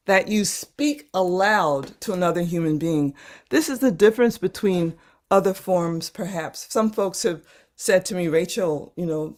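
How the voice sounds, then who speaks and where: Woman facilitator, slightly low voice, gentle and halting delivery with repeated words, on a video call. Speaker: workshop facilitator. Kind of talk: leading a live online workshop.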